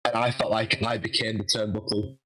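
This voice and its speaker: A man telling a lively story in a casual interview, acting out what people said. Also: lowish voice, fairly quick, low-quality recording. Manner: animated, acts out quoted dialogue. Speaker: guest wrestler.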